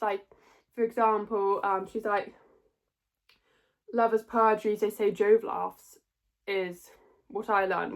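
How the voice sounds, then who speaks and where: A young woman giving a casual, rambling spoken review, often correcting herself and trailing off. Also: mid-range voice. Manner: rambling, self-correcting, chatty. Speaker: theatre reviewer.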